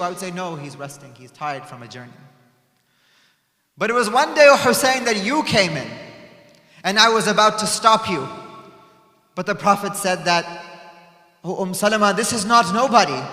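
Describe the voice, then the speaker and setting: A man preaching a mourning sermon, swinging dramatically between loud cries and hushed lines in an Islamic center prayer hall. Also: high voice. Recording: echoey hall with long reverb.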